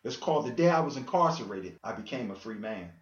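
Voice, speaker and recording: A man's voice: medium pitch, lively intonation, fast, crowd noise. A man giving an earnest spoken testimony as a podcast guest, acting out dialogue as he tells his story. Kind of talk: testimony in casual chat. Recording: echoey room, dull lo-fi sound.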